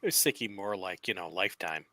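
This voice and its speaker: A man's voice: low voice, fast talker, pushed and bright, dry recording. A man joking around in a casual group chat with a jokey, teasing manner. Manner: jokey, puts on a mock accent.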